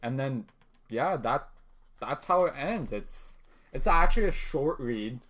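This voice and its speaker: A man co-hosting a casual podcast, retelling a story in an easygoing, unhurried way. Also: mid-range voice. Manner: retells the story at a slow, relaxed pace. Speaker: podcast co-host.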